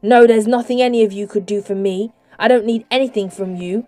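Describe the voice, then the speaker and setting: A woman voicing a small, slimy male lake creature in an audiobook, with a deep, gravelly, slow and indifferent delivery. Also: steady tone, dark tone, no echo, close to an everyday voice. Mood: cold, dismissive. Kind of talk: audiobook character voice.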